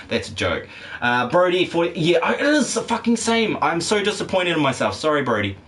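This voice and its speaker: A livestreaming gamer with a fairly high, somewhat bright voice rambles casually while playing and reading chat aloud, sounding condescending. His pitch swings widely at a normal speed, and he's laid-back, swears freely, and laughs often.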